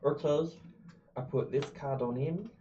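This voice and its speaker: A man's voice: on the high side, measured pace, dark tone, a little hiss or hum. A man at a board game table, talking in a dry, matter-of-fact way. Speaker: board game show regular. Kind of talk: casual chat at a game table. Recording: dull distant stream audio.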